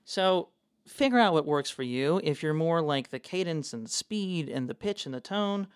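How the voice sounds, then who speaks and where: A young man, a dungeon master co-hosting a podcast, talking in an animated, excitable casual chat and swearing freely. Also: on the high side, moderate pace, clear, resonant tone, no echo, studio quality.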